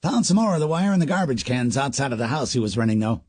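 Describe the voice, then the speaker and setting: A man's voice: mid-range voice, sing-song, fast, a little mellow, slightly rough, no room sound, voice pushed up. A man voicing a practical male agent in his late thirties in an audiobook.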